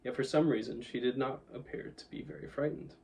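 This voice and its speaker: A man reading a children's novel aloud in a steady, even storytelling manner, a little away from the mic. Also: medium pitch, a little fast, far from the mic, rough recording. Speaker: audiobook reader. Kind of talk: storybook narration.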